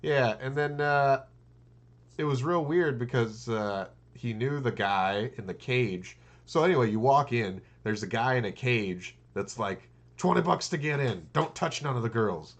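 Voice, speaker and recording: A man's voice: mid-range voice, lively intonation, measured pace. Rambling man telling stories. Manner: rambling storyteller, acts out quotes. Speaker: podcast co-host. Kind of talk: casual chat.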